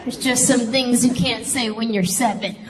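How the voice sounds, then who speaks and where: A woman's voice: a little high, steady tone, moderate pace. A woman doing a stand-up comedy routine on stage, telling stories and acting out childhood voices. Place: comedy stage before a live audience. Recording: live show with crowd and noise.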